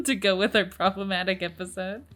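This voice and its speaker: A woman's voice: medium pitch, fairly bright tone. A woman co-hosting a podcast, giggling and chiming in with trivia in casual chat about a cartoon. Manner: giggly, chimes in with trivia and quick agreement. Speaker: podcast co-host.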